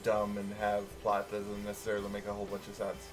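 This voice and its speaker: A man co-hosting a casual movie review podcast, relaxed and full of fillers, swearing freely. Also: fairly low pitch, fast, over music. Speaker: podcast co-host.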